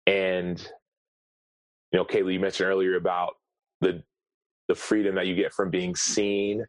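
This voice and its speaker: A man, a guest author, sharing a personal story in an earnest, halting way, often repeating words as he searches for them. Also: deep voice, level tone, no room sound, poor audio.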